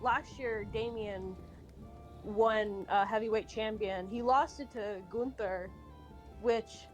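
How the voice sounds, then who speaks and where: A woman's voice: medium pitch, fairly even intonation, slow pace, faint music behind. A woman streamer chatting casually and animatedly, rambling with many fillers and restarts, and swearing now and then. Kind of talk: casual chat while drawing.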